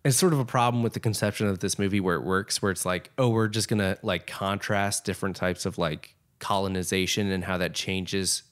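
A man's voice: low voice, steady tone, fairly quick, few pauses. A man co-hosting a casual film commentary podcast, rambling critically with lots of fillers like "like". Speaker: podcast co-host.

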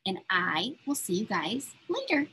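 A woman's voice: medium pitch, very animated, a little slow, sharp tone, slightly rough. A woman teaching a recorded reading lesson to young children, patient and encouraging as she coaxes them along. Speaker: elementary school teacher.

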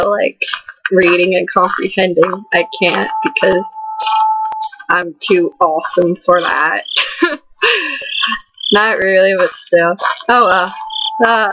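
A woman's voice: lowish voice, steady tone, slow, pauses often. A teenage girl rambling and giggling through horror game commentary, stuffed with fillers and breaking into panicky outbursts. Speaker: gaming channel host. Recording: dull lo-fi recording with clear background noise.

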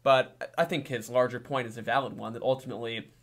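A man hosting a podcast in casual chat, given to joking deadpan sarcasm. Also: medium pitch, fast talker. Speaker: podcast host.

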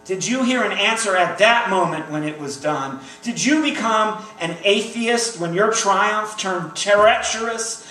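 A man's voice: high voice, unhurried, hardly any pauses, pushed and bright. A man performing a spoken-word poem at a church gathering, declaiming in a rhythmic way with a repeated refrain. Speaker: poet. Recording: echoey hall, recorded from far off.

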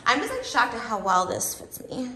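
A woman's voice: fairly high pitch, huge pitch swings, normal speed, a crowd in the background. Breathless, giggly woman vlogger, chatty, whispers asides; roomy, distant, noisy sound. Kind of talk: casual vlog chat. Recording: echoey room, distant mic, noisy.

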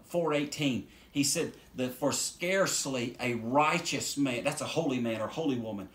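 Middle-aged guy preaching, high voice, fired up, keeps restarting lines, echoey room. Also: a bit bright. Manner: fervent, repetitive restarts, rising emphatic declarations. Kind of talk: sermon.

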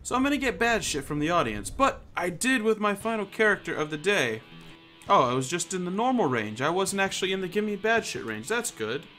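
A man's voice: high-pitched, big pitch swings, a little fast, bright, forceful tone, faint music behind. A man giving casual gameplay commentary, joking, swearing and muttering to himself as he plays. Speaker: gamer.

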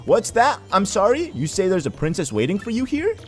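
A man's voice: high voice, huge pitch swings, brisk, faint music behind, pitched above the performer's own voice. A man voicing a formal, courteous male ship sailor in a game, overly polite.

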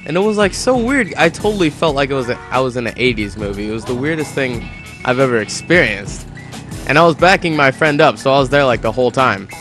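A teenage boy chatting casually over his gameplay, rambling through a story with frequent restarts. His pitch sits in the middle range, and soft music plays underneath. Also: expressive, fast talker. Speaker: gameplay commentator.

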